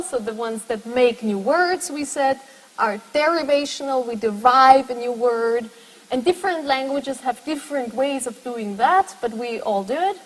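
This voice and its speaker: A woman's voice: high-pitched, in a large hall, low-quality recording. A woman giving a university lecture to students, explaining step by step and often checking in with "right?". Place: lecture hall.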